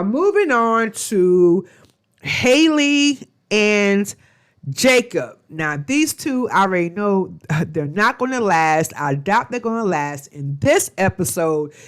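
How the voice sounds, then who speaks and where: A woman talking through a reality show episode like she's filling in a friend. Her delivery is loose and conversational, with plenty of fillers and slang, and her voice sits at a middle pitch. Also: animated, takes it slowly. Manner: chatty storytelling, full of fillers and slang. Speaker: reality TV reviewer. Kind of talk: casual episode recap.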